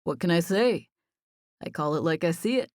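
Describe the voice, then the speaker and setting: A woman voicing a charming young male TV chef, playful and teasing in a softly lowered voice. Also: lively intonation, normal speed, dry recording, studio quality, lightly acted. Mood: earnest.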